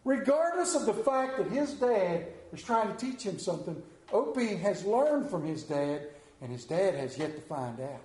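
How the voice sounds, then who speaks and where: A man's voice: sits high, sing-song, normal speed, a little mellow. A man telling a story in a folksy, heartfelt way. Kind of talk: retelling a TV episode to an audience. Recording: roomy echo.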